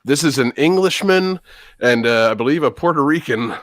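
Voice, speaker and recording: A man's voice: medium pitch, animated, normal speed, no echo. Sarcastic man riffing on a movie. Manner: sarcastic, laughing, swearing. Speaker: podcast host. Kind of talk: movie commentary chat.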